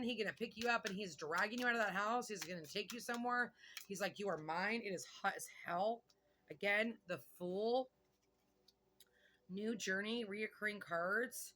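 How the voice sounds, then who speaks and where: Woman tarot reader, bright edgy tone, loose and gabby, curses casually, thinks out loud. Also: medium pitch. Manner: chatty, excitable, swears casually, pauses to think aloud. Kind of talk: casual tarot card reading.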